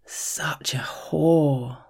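A woman reading the lines of a calm, dominant man in a soft, measured voice that drops to a whisper, in an audio story. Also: extremely low pitch, vocal fry, husky, heavily acted. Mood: calm, commanding. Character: calm, dominant adult man, unhurried and controlled.

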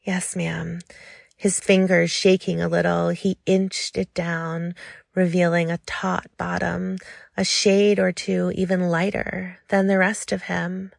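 A woman narrating an audiobook in a slow, intimate, low-key reading. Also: flat delivery, gravelly, dry recording, studio quality.

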